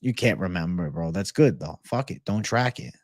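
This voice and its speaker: A man's voice: deep voice, lively intonation, moderate pace, no echo, studio quality. Laid-back swearing young man. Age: 20s. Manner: laid-back, swears often, reads chat aloud. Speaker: host of a livestream Q&A. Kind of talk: casual livestream chat.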